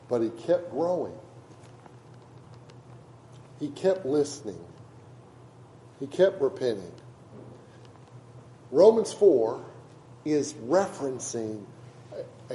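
A man's voice: on the high side, warm tone, echoey room, rough recording. A man preaching a sermon to a congregation in a conversational way, often asking them questions. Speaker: pastor.

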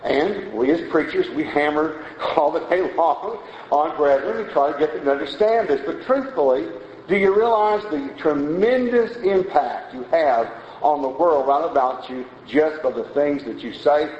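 A man's voice: on the high side, lively intonation, normal speed, a little mellow. Man, preacher, folksy conversational sermon, echoey room, faint hiss. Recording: roomy, dull lo-fi sound with faint noise.

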